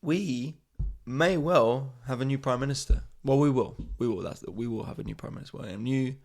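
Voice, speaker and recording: A man hosting a comedy podcast, rambling through a sarcastic monologue. His voice is gravelly and his pitch sits mid-range. His delivery is loose, with frequent asides that trail off. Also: a little fast.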